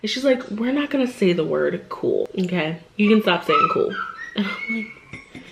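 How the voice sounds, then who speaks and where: A woman's voice: mid-range voice, measured pace, creaky, heavy background noise. A woman sits at home with a plate in front of her and tells her viewers a long story. She keeps it loose and conversational, laughs often, and drops into other people's voices as she retells what they said. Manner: chatty, animated, laughs often, acts out quoted voices. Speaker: vlogger. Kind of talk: casual storytime while eating. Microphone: camera mic.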